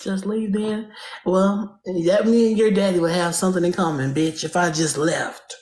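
A woman's voice: on the low side, fairly even intonation, moderate pace, darkish tone, echoey room. Woman ranting profanely on a live stream. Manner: profane, insulting, dramatic rant. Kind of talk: comedic ranting livestream.

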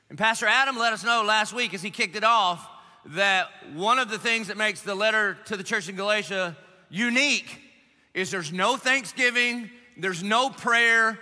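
A man preaching a lively sermon as pastor to a church congregation, animated and joking, pleading and emphatic in turn. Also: sits high. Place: large church auditorium. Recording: long reverb of a large church hall.

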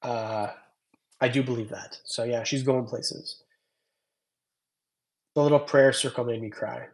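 In a relaxed livestream, a young reptile channel host reads out comments, thanks viewers by name, and rambles. He talks at a measured pace in a medium-pitched, steady voice.

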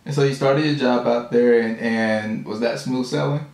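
A man's voice: medium pitch, fairly even intonation, moderate pace, gravelly, a little mellow. A man hosting a casual interview, giving brief, encouraging replies. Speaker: interview host. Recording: echoey room, distant mic.

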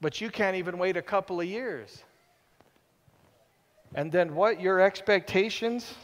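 Male pastor, sermon, high voice, animated, hushed-to-loud swings, long church reverb. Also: a little slow. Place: church sanctuary.

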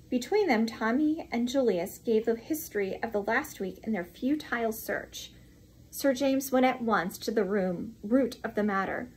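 A woman reading a classic mystery novel aloud at a steady, expressive pace. Her voice is fairly high with a husky, slightly breathy texture. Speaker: reader. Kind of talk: audiobook narration.

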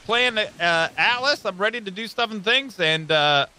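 A young man hosting a let's play, chatting excitedly about the game, shouting and joking. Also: high voice, normal speed, clear, resonant tone. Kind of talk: excited gameplay chat.

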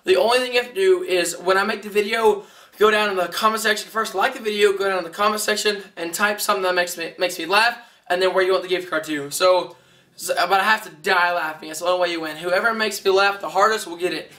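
A young man giving a rambling, excitable vlog update, heard through a camera mic a little way off. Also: high-pitched, fast talker, far from the mic. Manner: rambling, excitable, self-correcting. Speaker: vlogger.

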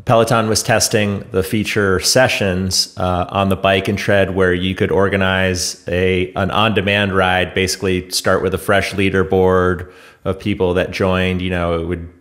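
Man, podcast co-host, low voice, loose hesitant chat. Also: little pitch movement, moderate pace, a bit bright. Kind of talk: casual news chat.

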